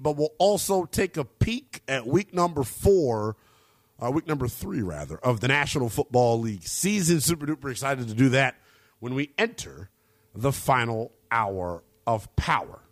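A man hosting a college sports radio show, talking with big swoops in pitch and slangy emphasis. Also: no room sound, clean studio sound. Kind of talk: energetic sports talk radio.

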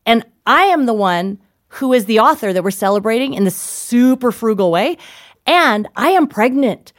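A middle-aged woman, a guest author, telling stories casually in an interview, animated and laughing, acting out quoted voices. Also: a little high, moderate pace, no room sound, studio quality.

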